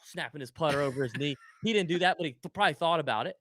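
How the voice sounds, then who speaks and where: A man's voice: fairly high pitch, rapid-fire, fairly bright tone. A man co-hosting a podcast, telling stories animatedly with goofy sound effects and casual chat. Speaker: podcast co-host.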